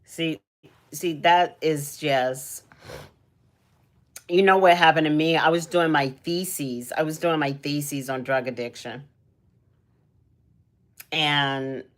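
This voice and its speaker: A young woman hosting a casual livestream, talking about energy and purpose, emotional and rambling with many restarts. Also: low voice. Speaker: livestream host.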